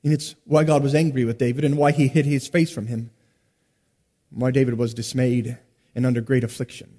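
A man preaching an expository sermon, with emphatic stresses, sudden hushed drops and rhetorical questions. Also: mid-range voice, little pitch movement. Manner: rhetorical questions and dramatic pauses. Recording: long hall reverb.

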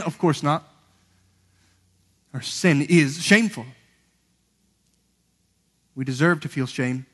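Man, preacher, earnest sermon, slightly high voice, long hall reverb. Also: slow pace, pauses often. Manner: earnest, building to emphatic peaks and dropping to hushed lows.

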